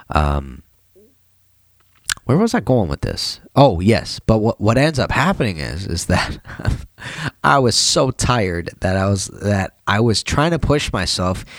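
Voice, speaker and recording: A tired man with a low-pitched voice vlogs casually about his plumbing work, with no echo on the recording. He's chatty and slangy, getting animated when he retells things.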